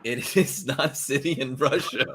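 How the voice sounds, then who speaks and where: A man hosting a casual morning show, upbeat and quick to laugh as he quizzes his co-host. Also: medium pitch, sharp tone, slight background noise.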